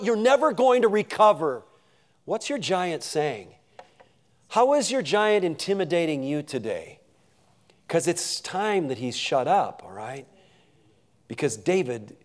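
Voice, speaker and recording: A man's voice: fairly high pitch, darkish tone. Earnest man preaching a sermon. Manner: earnest, repetitive restarts and stammers, asks the congregation questions. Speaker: pastor.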